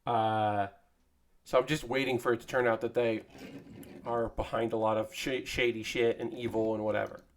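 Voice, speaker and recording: A man's voice: medium pitch, flat delivery, moderate pace. A man hosting a casual live stream, chatting in a rambling way with many fillers while he assembles a model kit. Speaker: streamer building model kits.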